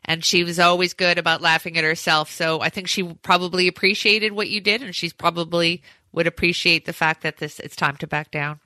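Woman host on a podcast, lowish voice, chatty rambly questions, dry close mic. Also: fairly even intonation, brisk, few pauses, bright, forceful tone, no room sound. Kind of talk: casual interview chat.

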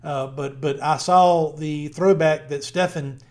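Southern Virginia man, higher voice. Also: fairly even intonation, slow, a little mellow. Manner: rambling, friendly, many fillers and restarts. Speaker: podcast co-host. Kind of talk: casual chat.

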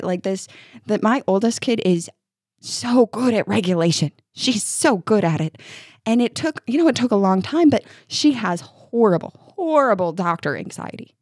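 A woman in her thirties co-hosting a podcast, telling stories in a lively way and acting out what people said. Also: mid-range voice, no echo, clean studio sound. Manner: animated storytelling, acting out quotes. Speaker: podcast co-host. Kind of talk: casual chat.

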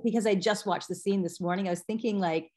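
A woman in her forties, an actor guest chatting in a relaxed, rambling way that keeps jumping into little acted-out quotes. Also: quick pace. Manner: lively storyteller who acts out quotes in sudden high voices. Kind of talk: casual conversation.

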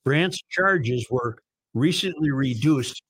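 A man's voice: medium pitch, animated, slow pace, fairly bright tone, husky, no room sound, poor audio. A man hosting a talk radio show, reading news and this-day-in-history items in a casual, conversational way. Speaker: radio host.

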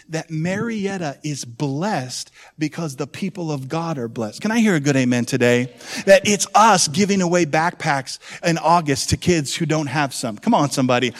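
A middle-aged pastor preaches a sermon, dropping to hushed, intimate lows before surging into loud, rousing calls to the congregation.

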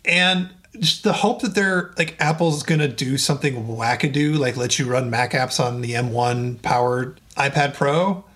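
A man co-hosting a tech podcast, animated and wry, often restarting his sentences. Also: medium pitch, normal speed, few pauses. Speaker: podcast co-host. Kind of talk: casual panel chat.

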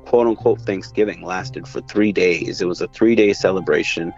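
Low-voiced man, matter-of-fact. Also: normal speed, gravelly, darkish tone, dull audio, soft background music. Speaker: interviewee, Wampanoag community member. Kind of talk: explaining history in an interview.

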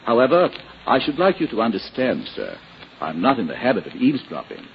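A man's voice: mid-range voice, wildly swooping pitch, fairly quick, creaky, dull audio. An actor playing a prim, moralizing male valet in a 1940s radio drama, speaking in a stiff, overly formal way. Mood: haughty. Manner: pompous, overly formal and preachy. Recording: hissy 1940s radio broadcast.

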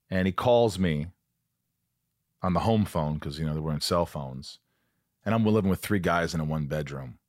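A man's voice: deep voice, dry recording, studio quality. A man hosting a podcast in casual chat, an effusive, enthusiastic storyteller. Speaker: podcast host.

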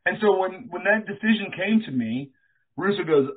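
Male interview guest, lively raconteur who plays out every quote; slightly high pitch, thin phone-line audio. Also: moderate pace. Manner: animated storyteller, acts out quoted dialogue, swears casually. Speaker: interview guest, former pro wrestler. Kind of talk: casual storytelling interview.

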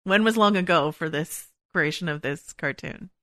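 Woman podcast host, bright voice, low-ish pitch, dry close mic, rambling casual chat. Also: normal speed, no room sound. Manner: rambling, thinking aloud with many restarts.

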